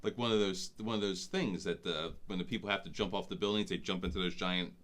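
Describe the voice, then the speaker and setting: A man's voice: low voice, a bit bright. A man co-hosting a podcast in casual chat, cutting in with wry jokes. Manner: wry, quick side jokes. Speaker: podcast co-host.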